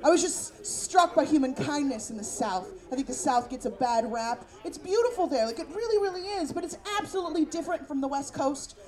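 A woman's voice: sits high, lively intonation, fairly quick, hardly any pauses, darkish tone. Brash, profane woman comedian. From San Francisco, USA. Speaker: stand-up comedian. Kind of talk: stand-up comedy set. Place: comedy club stage. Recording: live club with audience.

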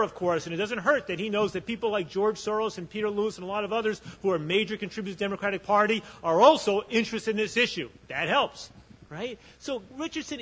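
High-voiced man telling stories in a hall. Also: breathy edge. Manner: animated storytelling with frequent restarts. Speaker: advocate speaking on a panel. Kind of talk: conference talk.

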